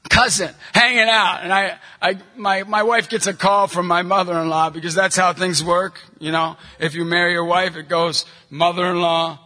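A middle-aged man preaches to a live crowd in a big hall, and his voice rings with long reverb. His tone is high, bright and a little husky. He tells jokey family stories and keeps breaking into shouted emphasis. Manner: punchy, jokey storyteller, bursts into shouting emphasis. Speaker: Catholic evangelist speaker. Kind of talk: energetic preaching talk to a live audience.

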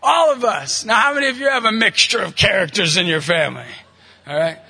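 A middle-aged man, a Catholic evangelist, preaching energetically to a live audience, telling jokey stories and bursting into loud emphasis. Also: high-pitched, animated, brisk, vocal fry, slightly rough. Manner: punchy, jokey storyteller, bursts into shouting emphasis. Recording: long hall reverb from a large venue.

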